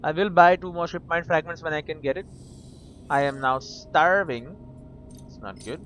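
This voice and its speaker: A man's voice: fairly high pitch, normal speed, background noise. A man casually commentating as he plays a video game, muttering to himself and swearing now and then. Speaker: game streamer. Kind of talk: let's play commentary.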